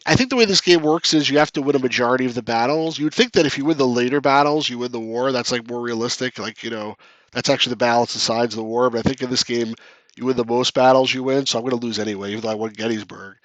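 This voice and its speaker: A man streams a retro strategy game in a chatty, joking way and talks straight to his viewers. His voice sits at an ordinary middle pitch. The sound is dry and close, with almost no room in it. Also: fast talker, fairly bright tone, no echo, muffled recording. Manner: chatty, reads chat aloud, jokes at his own losses. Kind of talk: casual live-stream commentary.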